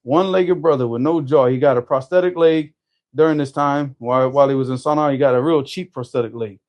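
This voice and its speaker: A man telling a story in casual conversation, animated, often restarting his sentences. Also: medium pitch, fast. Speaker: storyteller guest.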